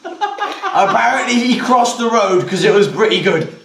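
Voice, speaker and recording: A man's voice: very high voice, a little slow, over a noisy crowd. A man bantering and telling silly stories on a home cooking show, mocking voices as he goes. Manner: animated, mocking put-on British voices. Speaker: co-host of an online cooking show. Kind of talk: joking banter and silly storytelling. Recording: roomy, distant, faint noise.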